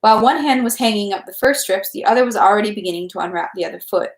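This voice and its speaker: A woman's voice: mid-range voice, fast talker. Woman reading a novel aloud, echoey room. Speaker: audiobook reader. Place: home.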